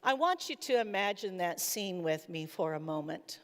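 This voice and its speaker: A woman's voice: fairly low pitch, lively intonation, normal speed, few pauses. A woman giving a chapel sermon in an earnest storytelling manner, retelling what people said. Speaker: chapel speaker. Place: college chapel. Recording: echoey hall reverb.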